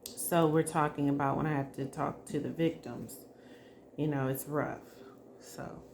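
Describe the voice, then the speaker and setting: A woman doing a psychic spirit reading, speaking softly and emotionally and addressing the spirit directly. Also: low-pitched, level tone, unhurried, background noise. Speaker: psychic reader.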